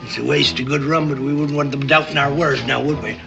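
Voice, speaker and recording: An actor playing a crafty, jovial older sea captain who talks like a salty sailor. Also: male voice, mid-range voice, steady tone, brisk, gravelly, highs cut off, music in the background, lightly acted. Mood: scheming. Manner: salty sailor talk, boisterous and cajoling.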